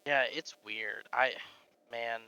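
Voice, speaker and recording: A man's voice: medium pitch, fairly even intonation, takes it slowly, sharp tone, clean tone, no room sound, muffled recording. A man chatting casually on a live stream, rambling with lots of fillers and swearing. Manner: rambling, profane, full of fillers.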